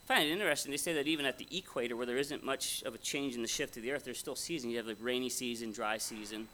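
A man's voice: medium pitch, quick pace, sharp tone, a little hiss or hum. A man preaching a conversational, folksy sermon at a Bible conference, often asking his audience questions. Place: conference hall before an audience.

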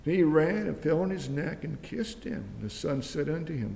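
A man preaching a fervent, pleading sermon, swinging between loud and hushed. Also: expressive, moderate pace, gravelly, hardly any pauses. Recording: long reverb, faint rumble.

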